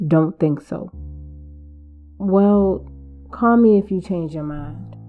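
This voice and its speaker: A woman's voice: on the low side, takes it slowly, phone-quality sound, faint music behind. Brief: firm deacon, scolding and urging, a woman reading the part. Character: calm church deacon man, now scolding.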